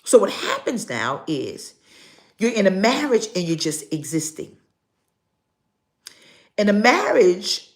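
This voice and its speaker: An older woman pastor preaching a live sermon, pausing dramatically and acting out her stories. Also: mid-range voice, sing-song. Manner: slow, preaching with dramatic pauses and acted-out stories.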